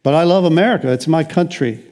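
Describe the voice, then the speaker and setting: A man's voice: on the high side, fast, a little mellow. An older man preaching a conversational sermon as pastor, rambling along with frequent restarts and wry asides.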